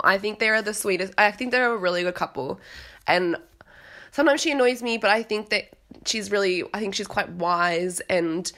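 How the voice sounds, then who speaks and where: A woman's voice: mid-range voice, fairly bright tone. A woman casually chatting as a podcast host, gossipy and dramatic, with lots of filler words. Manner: dramatic, acts out quotes of others. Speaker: podcast host recapping a reality show. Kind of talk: casual chat.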